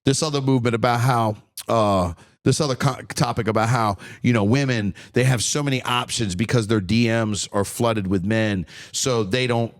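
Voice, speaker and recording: A man's voice: mid-range voice, moderate pace, few pauses. Blunt, profane man in his forties. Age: 40s. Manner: profane, blunt, heated, repeats words when worked up. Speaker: podcast host. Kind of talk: solo podcast rant.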